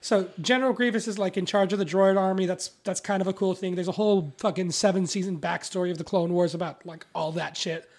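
A woman's voice: fairly low pitch, fairly even intonation, fast talker, few pauses, darkish tone. A young woman co-hosting a casual movie-recap chat, rambling and swearing freely as she talks.

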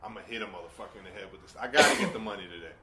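A man hosting a podcast in casual chat, joking, swearing, and telling animated stories. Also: lowish voice, racing. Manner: profane, joking, animated storytelling. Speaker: podcast host. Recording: echoey room with faint background noise.

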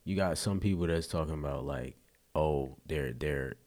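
A man's voice: a bass voice, moderate pace, darkish tone. A man hosting a podcast, talking loosely and animatedly in casual chat, with casual swearing. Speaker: podcast host.

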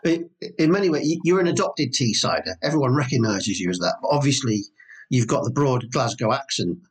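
A man with a husky, slightly raspy voice, putting questions to a guest. He often stumbles over the first words before settling into each question. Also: medium pitch, expressive, fairly quick. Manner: hesitant questioning with stammered starts. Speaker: interviewer. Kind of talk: conversational interview.

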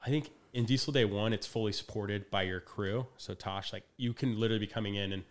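Man, young adult, podcast guest, quick lively storyteller, slightly low voice. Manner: animated storyteller, acts out quotes, laughs often. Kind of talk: casual podcast conversation.

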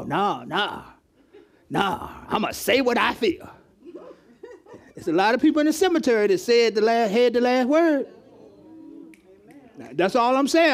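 A man with a high voice preaches to his congregation in a loose, conversational style. He asks questions of people in the room and often repeats words as he goes. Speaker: pastor. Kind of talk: interactive sermon teaching. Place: church hall with congregation.

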